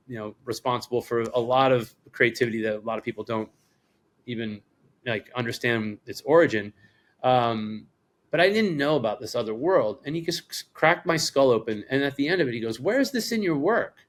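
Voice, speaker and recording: A man's voice: mid-range voice, brisk. A middle-aged man from Rhode Island, a surf shop owner, telling a story as a podcast guest in a casual, rambling way, acting out the people he quotes and swearing freely. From Rhode Island, United States. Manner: rambling, animated quoting, frequent swearing.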